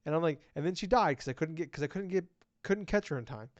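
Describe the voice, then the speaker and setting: A man co-hosting a podcast, chatting casually and breaking into profane, animated rants. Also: fairly high pitch, fast, no room sound. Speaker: podcast co-host. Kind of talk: casual chat. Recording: dull lo-fi recording.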